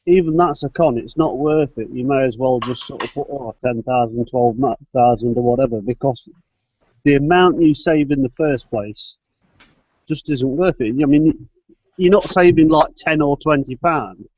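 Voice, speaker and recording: A man's voice: medium pitch, normal speed, darkish tone, no room sound. A man in a casual group chat giving blunt, opinionated views. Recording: dull lo-fi call audio.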